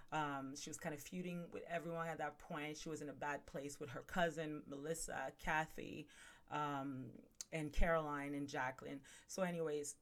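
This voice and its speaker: Woman, podcast host, casual chat, lower pitch, chatty, fillers. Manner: chatty, addresses viewers as guys, many fillers.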